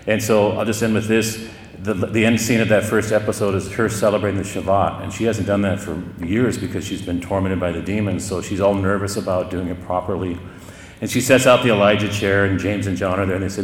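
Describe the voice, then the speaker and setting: Brief: middle-aged male priest, low voice, chatty sermon storytelling, long church reverb. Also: fairly even intonation, a little fast, a little hiss or hum. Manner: conversational storytelling with chuckles.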